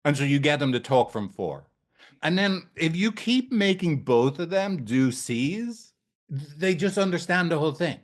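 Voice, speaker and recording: A man's voice: fairly high pitch, very animated, measured pace. A man, a couples therapist and trainer, teaching in a casual, blunt way, swearing freely and often checking in with "right?". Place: training room with whiteboard.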